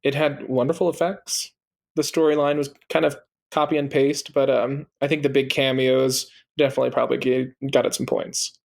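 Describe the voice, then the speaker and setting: A man's voice: mid-range voice, level tone, fairly quick, vocal fry. A man co-hosting a casual podcast, chatty and mock-indignant when he loses. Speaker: podcast co-host. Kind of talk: casual chat.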